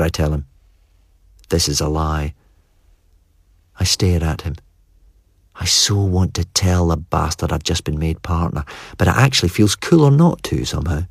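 Audiobook reader, man, very deep voice, dry close sound, wry and measured. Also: vocal fry, husky, dry recording. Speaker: audiobook narrator. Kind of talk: first-person audiobook narration.

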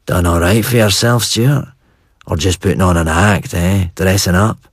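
A man voicing a gruff, cold middle-aged family head in an audiobook, speaking in blunt, clipped, disdainful lines. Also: sits low, moderate pace, no room sound, studio quality. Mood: cold, scornful. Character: gruff middle-aged Scottish clan patriarch, cold and contemptuous. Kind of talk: audiobook character voice.

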